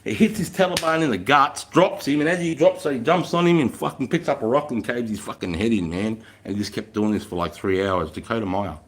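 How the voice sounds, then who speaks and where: A man's voice: medium pitch, expressive, a little fast, few pauses. An Australian man in his forties, a retired soldier hosting a casual livestream, chatting with viewers, swearing freely and laughing often. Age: 40s.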